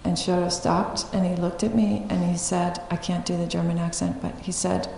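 A woman giving a dharma talk as a meditation teacher, telling a story in a reflective, unhurried way and laughing often. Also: lowish voice, little pitch movement, gravelly, a crowd in the background. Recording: echoey hall with faint ambience.

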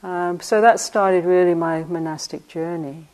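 In a lowish, fairly even voice at a measured pace, a British meditation teacher in her later years reflects on her past through anecdotes. She laughs often and slips in gentle side remarks.

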